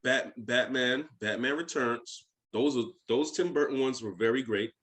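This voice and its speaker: A man's voice: medium pitch, normal speed, fairly bright tone. A man chatting casually as a podcast guest, joking and acting out little voices in his stories. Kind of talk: casual chat.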